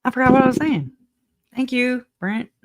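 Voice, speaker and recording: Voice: sits high, moderate pace. A guest telling their side of a personal story in a casual, rambling way, laughing often, trailing off with "anyways" and answering live chat comments.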